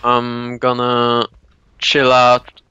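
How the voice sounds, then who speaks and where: A man from Norway playing a co-op video game, laid-back and teasing with sudden high yelps. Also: monotone, drawn-out words, pushed and bright, clear, resonant tone, no echo, highs cut off. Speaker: gamer. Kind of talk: let's play co-op commentary.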